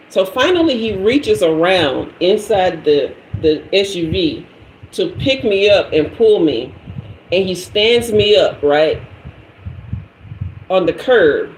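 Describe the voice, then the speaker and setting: A woman in her forties, a tarot reader, telling a dramatic story on a livestream in an animated way. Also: on the low side, slow, slight background noise. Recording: echoey room.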